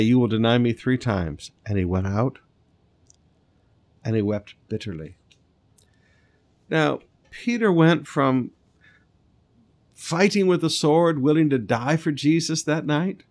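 A man, a pastor reading scripture and preaching in a conversational way, with lively asides and soft, earnest appeals. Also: mid-range voice.

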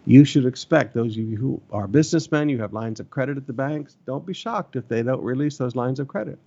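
Delivering a sermon, a middle-aged pastor speaks briskly with earnest urgency, circling back to key phrases. His gravelly, mid-pitched voice has a mellow quality, captured on a somewhat muffled, lo-fi recording.

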